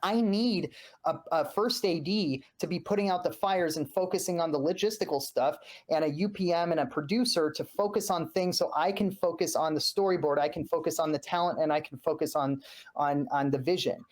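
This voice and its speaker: A man speaking as a podcast guest, telling an animated story full of acted-out quotes and frequent restarts. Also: a little high, fairly quick. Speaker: guest, former journalist. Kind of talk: heated podcast conversation.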